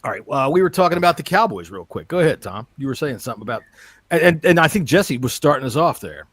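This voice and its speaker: A man's voice: mid-range voice, very animated, quick pace, a bit bright, no room sound. A man co-hosting a casual sports podcast, joking and swearing and laughing often. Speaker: podcast co-host.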